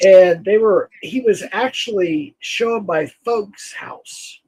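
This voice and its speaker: A man talking as a guest on a casual livestream, halting, with many restarts. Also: sits high, a little mellow, slightly rough, rough recording. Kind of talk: casual live-stream chat.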